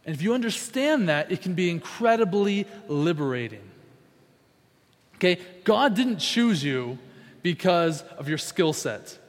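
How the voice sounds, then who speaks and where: High-voiced preacher in a reverberant hall. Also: male voice. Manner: emphatic, repeats key phrases, acts out quotes. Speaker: pastor. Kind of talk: sermon.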